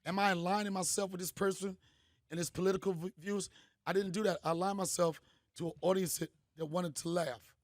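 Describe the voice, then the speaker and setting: A middle-aged man, a comedian host, telling stories in a punchy, animated way. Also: sits high, a little fast, no room sound, studio quality. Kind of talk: storytelling monologue.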